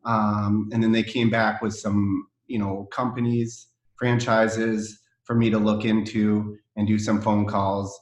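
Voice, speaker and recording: A man's voice: on the low side, flat delivery, slow pace. A man talks as a guest on a webinar. He speaks in a casual, hesitant way full of kindas and ums. His call audio sounds roomy and echoey. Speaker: franchise owner guest. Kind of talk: webinar interview.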